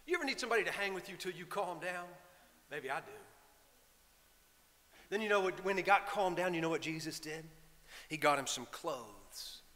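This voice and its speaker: A man, a priest preaching a sermon, telling the story in a lively way and talking straight to the congregation. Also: high-pitched, moderate pace, pauses often. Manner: animated storytelling with asides to the congregation. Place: church. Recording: long church reverb.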